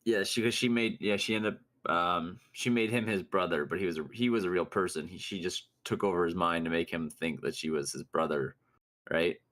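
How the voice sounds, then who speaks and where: Podcast co-host, male, deep voice, short casual interjections. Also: steady tone, brisk, fairly bright tone. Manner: brief agreeing interjections. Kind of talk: casual chat.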